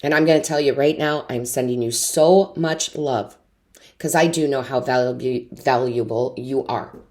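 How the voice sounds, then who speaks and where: A woman's voice: rumbling low, a little slow, darkish tone. A woman giving an intuitive tarot reading to camera, earnest and encouraging, often asking rhetorical questions. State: tearful, emotionally overwhelmed. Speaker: tarot reader.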